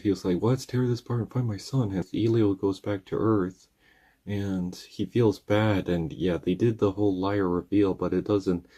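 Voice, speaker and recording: A man in his thirties with a very low, mellow voice chats through a movie review. He rambles earnestly, stringing the plot together with "and then" after "and then". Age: 30s. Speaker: channel host reviewing a movie. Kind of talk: casual spoken movie review.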